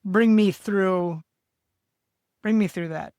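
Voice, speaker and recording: A woman co-hosting a podcast who gently prompts the guest with short questions. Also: medium pitch, slow, no echo, clean studio sound. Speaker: podcast co-host asking questions.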